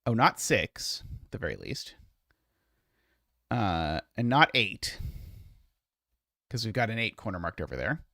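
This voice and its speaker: Slow, hesitant man thinking aloud. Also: lowish voice, big pitch swings, gravelly, bright, forceful tone, no echo, studio quality. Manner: hesitant, muttering, many filler pauses. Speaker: puzzle streamer. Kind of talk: thinking aloud while solving a puzzle.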